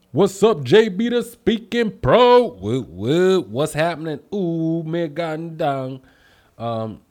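A man's voice: mid-range voice, darkish tone. A man hosting a casual livestream, upbeat as he greets viewers by name and drifts into rambling asides. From United States. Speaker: livestream host.

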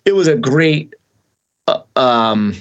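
A man hosting a podcast, telling a long story in casual chat, rambling and animated, acting out the voices of the people he quotes. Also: mid-range voice, slow pace, highs cut off. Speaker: podcast host.

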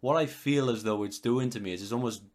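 A man's voice: medium pitch, fast, darkish tone. A man hosting a podcast over a video call, asking thoughtful, probing questions in a casual way. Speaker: podcast host. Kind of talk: casual interview talk.

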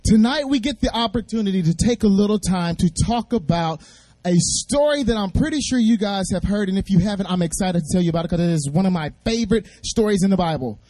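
A man speaking as a guest at a church service, telling a Bible story in a fast, playful way and drawing responses from the audience. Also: sits high, lively intonation, mellow, no room sound.

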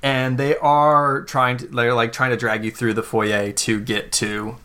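A man narrating a tabletop role-playing game as game master, with a bright, forceful tone. He talks in halting stretches, stopping to restart and fill gaps as he describes the scene. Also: mid-range voice, little pitch movement, clear, resonant tone. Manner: halting, with many fillers and restarts.

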